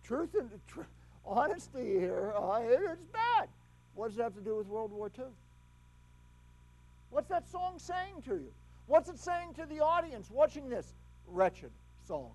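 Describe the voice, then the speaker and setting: Casting: a high-pitched male lecturer, lively, quizzing his class. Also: a little slow, rough recording. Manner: animated, asks rhetorical questions. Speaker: history lecturer.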